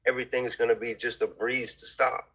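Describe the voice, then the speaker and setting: A man on a discussion panel, explaining his point in a measured, step-by-step way. His voice is bright and carries a husky edge. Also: medium pitch, little pitch movement, low-quality recording. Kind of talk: casual discussion.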